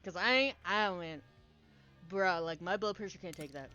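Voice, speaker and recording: A woman's voice: fairly low pitch, moderate pace, bright, forceful tone, dull audio, faint music behind. A young woman streamer chatting casually to her viewers, candid and rambling, often laughing and swearing. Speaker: game streamer.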